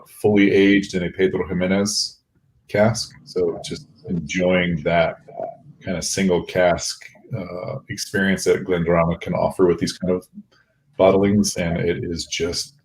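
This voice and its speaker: A man with a very deep voice talks laid-back and enthusiastic as a webcast guest. A faint hiss runs under his video-call audio. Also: a little mellow, rough recording. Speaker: guest, whisky writer. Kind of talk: casual webcast chat.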